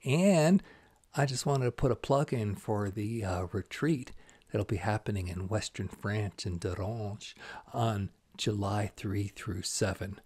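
A man's voice: lowish voice, unhurried, a little mellow, breathy edge. A man hosting a spiritual talk show, telling jokes and stories in an enthusiastic, casual way. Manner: jokey, enthusiastic storytelling. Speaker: host and channeler.

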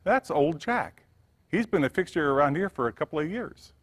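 A man's voice: fairly high pitch, expressive, normal speed, voice pushed up. A man voicing a friendly, courteous male police officer. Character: easygoing male beat cop, friendly. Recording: church hall reverb.

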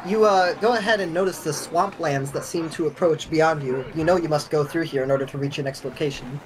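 A young man narrates a tabletop game as dungeon master. His voice sits somewhat high, and he talks in a casual, halting way full of fillers. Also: a crowd in the background, rough recording.

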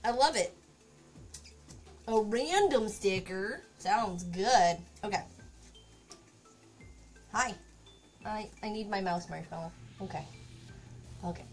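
Streaming from her craft workspace at home, a woman chats casually and talks to her cat as she works. Her mid-range voice moves at a slow pace with long pauses, and soft music plays in the background.

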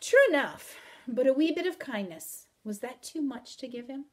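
A woman reading aloud in the voice of a mysterious, teasing wandering man with calm, old-country phrasing. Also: high-pitched, moderate pace, pitched above the performer's own voice. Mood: wry. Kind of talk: audiobook reading.

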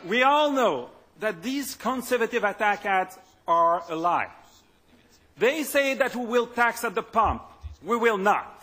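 A man's voice: high-pitched, expressive, a little slow, sharp tone, a little hiss or hum. A man giving a political speech as party leader, emphatic and stumbling into repetitions at times.

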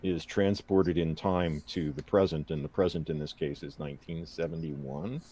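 A man's voice: rumbling low, steady tone, normal speed, mellow, husky. A man chatting casually with friends on a watch party stream, explaining things at length. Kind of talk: casual group chat.

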